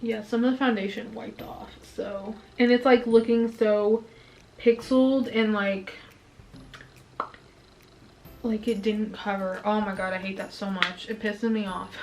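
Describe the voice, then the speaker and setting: A woman's voice: mid-range voice, fairly even intonation, unhurried, a little mellow, faint music behind, rough recording. A young woman filming a casual makeup review at home, chatting and venting her frustration, a bit out of breath. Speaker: beauty vlogger. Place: indoors at home, filming herself.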